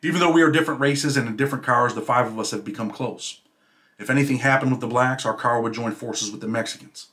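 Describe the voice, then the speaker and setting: A man reading aloud from his own memoir about prison life, in a steady storytelling way. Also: medium pitch, quick pace. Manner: steady storytelling read, dropping quieter at sentence ends.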